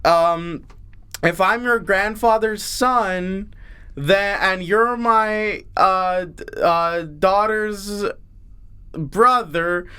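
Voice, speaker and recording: A man voicing a whiny, insecure male troll who asks riddles, in a halting, put-upon drawl. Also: high-pitched, bright, forceful tone, clear, resonant tone, full character voice. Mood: smug.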